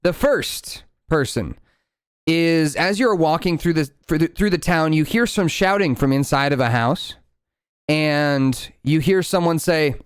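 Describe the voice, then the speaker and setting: A man's voice: on the high side, a little slow, smooth, no room sound, studio quality. A man running a tabletop game as game master, narrating loosely with lots of fillers and restarts.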